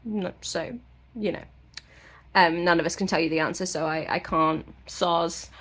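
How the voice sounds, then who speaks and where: A cocky, teasing male fae lord, flippant and full of slang, as a woman puts him on. The voice sits a little low and speaks. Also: fairly even intonation, measured pace, a bit bright. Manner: flippant, casual modern slang.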